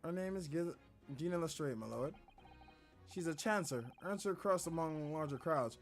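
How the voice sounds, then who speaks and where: A prim, earnest young woman, as a man puts her on for a game. Her speech is formal and careful, and her voice sits high with lively rises and dips. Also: moderate pace, soft background music. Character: polite earnest young female assistant.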